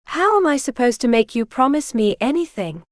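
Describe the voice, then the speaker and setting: A woman voicing a proud, stubborn young noblewoman who speaks indignantly and with a sharp tongue. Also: high-pitched, very animated, normal speed, dry recording, clean studio sound.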